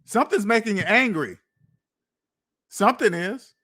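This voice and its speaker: A man's voice: high voice, expressive, normal speed, sharp tone. A man hosting a finance channel, ranting casually, incredulous and repeating lines for emphasis. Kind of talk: casual livestream rant.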